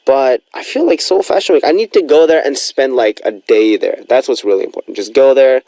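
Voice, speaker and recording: A man's voice: medium pitch, a little fast, mellow, no room sound. A young man hosting a radio show in a studio, chatting casually and rambling with lots of fillers.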